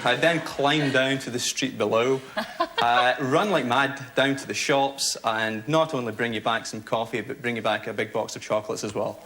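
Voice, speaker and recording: A man's voice: medium pitch, noisy background. A man with a Scottish Glasgow accent, a contestant giving playful, storytelling answers. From Glasgow, Scotland. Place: TV studio.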